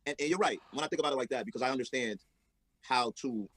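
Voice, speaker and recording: A man's voice: mid-range voice, quick pace, a bit bright, no room sound, low-quality recording. A man being interviewed as a rapper, laid-back and casual, often repeating words.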